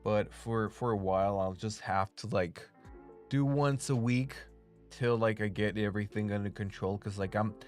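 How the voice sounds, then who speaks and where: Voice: medium pitch, moderate pace, a little mellow. A streamer chatting casually with viewers while drawing live, laughing often, swearing freely and leaning on "like" as filler. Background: faint background music.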